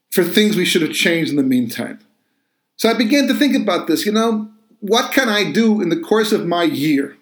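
A man with a fairly high voice talks about his religious books in an earnest, explaining way. The sound is roomy and echoey. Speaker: author.

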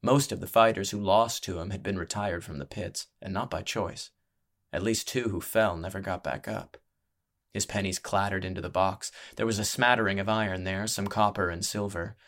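A man reading a fantasy audiobook as narrator, with measured, dramatic storytelling. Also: low voice, fairly even intonation, a bit bright.

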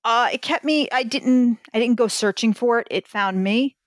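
A woman's voice: a little high, normal speed, no room sound. Woman guest spinning a story, acts out the voices, dry close sound. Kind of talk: casual storytelling in a podcast interview.

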